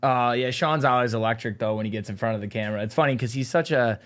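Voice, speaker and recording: A man's voice: mid-range voice, quick pace, a bit bright. A man hosting a talk show in a studio, chatting casually in an upbeat, hype-man manner. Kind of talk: casual chat.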